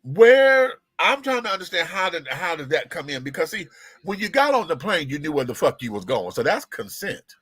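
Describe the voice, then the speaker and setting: Sassy man hosting, lively pitch. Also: moderate pace, no room sound. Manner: sassy, profane, theatrical; talks to the audience while fixing tech. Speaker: show host. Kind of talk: live-stream gossip commentary.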